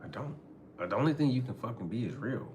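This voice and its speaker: A man's voice: mid-range voice, sing-song, quick pace, a little mellow, lo-fi sound, slight background noise. A man hosting a podcast, talking casually about relationships in loose slangy speech with lots of laughing and swearing. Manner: loose slangy talk, frequent laughter and profanity. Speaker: podcast host. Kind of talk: casual relationship advice talk.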